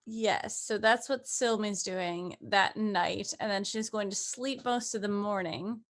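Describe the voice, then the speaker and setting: A woman's voice: medium pitch, unhurried. A woman playing a tabletop game, asking questions and thinking aloud in casual chat. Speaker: player.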